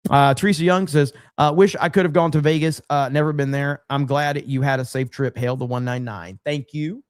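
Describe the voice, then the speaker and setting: A man's voice: a little high, fairly even intonation, a little fast, clear, resonant tone, dry recording, studio quality. Chatty man hosting a livestream. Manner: loose and chatty, trailing off with many ums. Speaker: livestream host. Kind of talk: casual livestream chat, reading viewer comments aloud.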